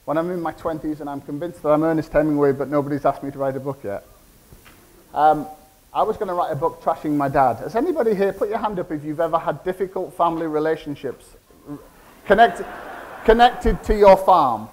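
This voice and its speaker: Man, 40s, Cumbrian English, keynote speaker; conversational, fairly high voice, quizzes the audience. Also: fairly quick, rough recording. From England. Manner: conversational, asks the audience questions. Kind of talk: conference keynote speech. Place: conference hall.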